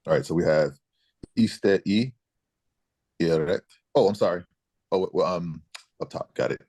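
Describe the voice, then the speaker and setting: A man's voice: sits low, measured pace, darkish tone, husky, dry recording. A man taking part as a student in a language class, working through examples aloud hesitantly.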